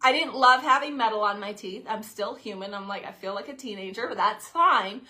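A woman in her late twenties talking casually to her followers, chatty and expressive, acting out her own past reactions as she tells a personal story. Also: mid-range voice, fairly quick. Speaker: social media creator. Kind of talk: casual talking-to-camera vlog.

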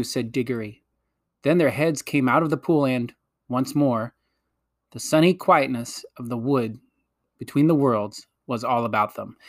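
A man narrating a children's fantasy story in a gentle, measured storytelling manner. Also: medium pitch, no room sound, clean studio sound. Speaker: audiobook reader.

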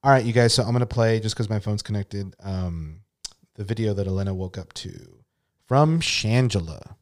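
A man's voice: on the low side, normal speed. A man co-hosting a podcast in casual, rambling chat with some swearing. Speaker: podcast co-host.

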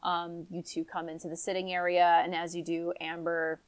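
A woman's voice: fairly low pitch, monotone, normal speed, smooth, low-quality recording. A woman runs a tabletop game, describing scenes in a casual, meandering way. She pads her narration with fillers and loose restarts. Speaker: game master.

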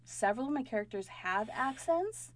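A woman co-hosting a podcast in casual chat, giggly and animated, swearing freely. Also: a little high, moderate pace, no echo. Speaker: podcast co-host.

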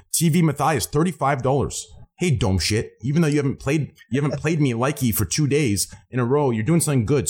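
A man's voice: medium pitch, darkish tone, husky. An American man hosting a charity stream, reading out donations with profane joking banter and many fillers. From United States.

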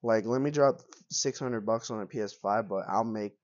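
A man's voice: on the low side, moderate pace, a little mellow, highs cut off, slight background noise. Stuffy-nosed young guy co-hosting a podcast. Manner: joking, swears often, says "dude" and "bro". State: stuffy from allergies, coughing. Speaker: podcast co-host. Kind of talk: casual chat.

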